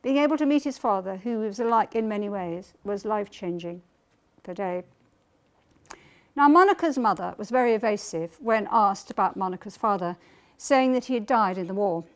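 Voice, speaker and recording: A woman historian giving a public book talk, telling the story in a measured way and reading quoted testimony aloud. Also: medium pitch, expressive. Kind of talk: public lecture.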